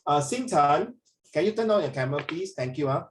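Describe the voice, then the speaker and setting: A man's voice: a little high, lively intonation, a little fast, roomy sound, far from the mic, slight background noise. A male teacher with a Singaporean accent, chatting through an online class in Singlish and bits of Mandarin.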